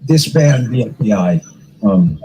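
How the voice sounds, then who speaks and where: A man's voice: lowish voice, very animated, a little slow, warm tone, slight background noise, rough recording. A man hosting a podcast, giving blunt, sarcastic political commentary. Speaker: podcast host.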